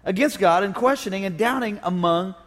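Male pastor, high voice, playful call-and-response preaching, reverberant sanctuary. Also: brisk. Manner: humorous, call-and-response with congregation. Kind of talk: sermon. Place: church sanctuary. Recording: long reverb of a church hall.

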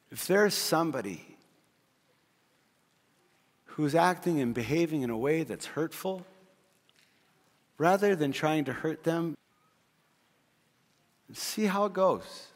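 His voice high and light, a middle-aged pastor preaches a sermon in a big church hall where a long reverb carries his words. He tells stories fast and vividly, then drops into soft, earnest pleading.

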